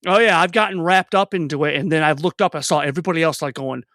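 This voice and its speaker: A man chatting about running games as a game master, animated and quick to act out characters. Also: on the high side, no echo, clean studio sound. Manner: animated, acts out characters while explaining. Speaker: game master, podcast guest. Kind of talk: casual chat.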